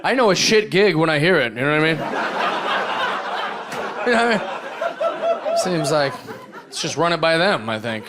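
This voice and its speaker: A man performing stand-up comedy on stage before a live audience, animated and profane, acting out the voices of the people in his stories. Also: fairly high pitch, a little fast, a crowd in the background. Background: audience laughter.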